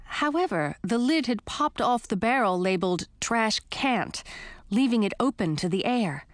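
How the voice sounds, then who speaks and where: Expressive female audiobook narrator, animated, slightly high-pitched. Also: normal speed, no room sound. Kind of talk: storybook narration.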